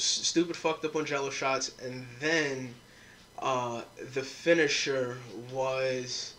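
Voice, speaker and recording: A man's voice: medium pitch, a bit bright, a little hiss or hum. A young man hosting a podcast, telling a rowdy drinking story in casual, profane talk full of quoted dialogue. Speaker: podcast host. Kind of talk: casual storytelling among friends.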